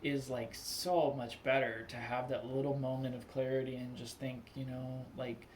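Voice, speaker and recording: A young man talking casually on his own, rambling with lots of "like" and acting out quick angry replies. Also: medium pitch, little pitch movement, darkish tone, slight background noise. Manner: loose and rambling, full of "like", acts out angry quotes. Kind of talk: casual spoken monologue.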